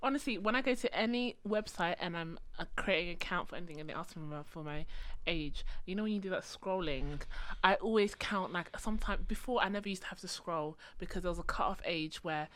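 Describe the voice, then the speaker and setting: A woman, chatting casually with a playful, expressive manner. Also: on the low side. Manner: playful, expressive, quick to laugh. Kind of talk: casual chat.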